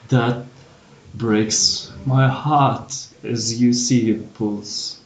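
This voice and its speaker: Male game master, slow grim narration, echoey room. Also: medium pitch, fairly even intonation.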